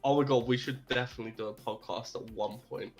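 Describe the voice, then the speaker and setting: A man's voice: medium pitch, steady tone, fast, soft background music. A young man joking around on a stream, giggly and silly, with random outbursts. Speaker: co-host. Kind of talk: casual stream banter.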